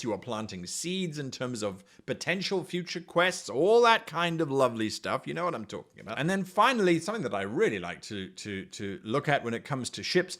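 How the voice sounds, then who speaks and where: A man's voice: medium pitch, fairly bright tone. A man hosting an instructional video, giving game master advice in an enthusiastic, conversational way.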